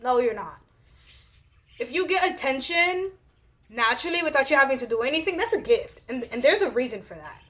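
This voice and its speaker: Blunt, high-voiced woman giving astrology advice. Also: sing-song, fairly quick, a bit bright. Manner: blunt, profane, repeats "you know what I'm saying". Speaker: astrology reader. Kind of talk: casual astrology reading.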